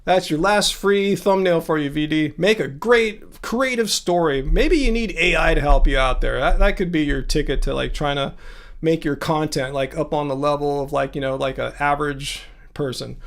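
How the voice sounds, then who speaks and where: A man's voice: on the high side, moderate pace. A man hosting a casual livestream, ranting sarcastically and chatting directly with viewers in the comments. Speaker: livestream host.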